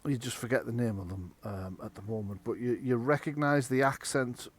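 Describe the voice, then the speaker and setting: A man's voice: medium pitch, brisk. A man narrating as game master for a tabletop game, rambling with many fillers as he describes the world.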